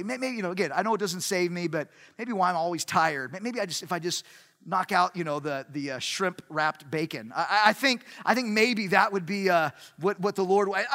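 A man preaching a sermon in a church hall, animated and emphatic with humorous asides. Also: high-pitched, fairly quick.

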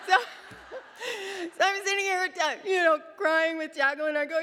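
A middle-aged woman, a mother of five, speaking to other mothers in an animated, storytelling way, acting out the voices she quotes. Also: high voice, moderate pace, in a large hall. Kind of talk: faith-based talk with personal stories.

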